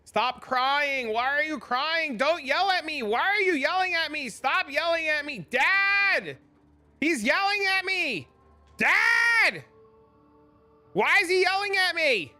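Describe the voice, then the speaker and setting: A man putting on the voice of a whiny young child tattling to their dad, shrill and complaining. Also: very animated, takes it slowly, pushed and bright, soft background music, exaggerated voice. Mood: whining.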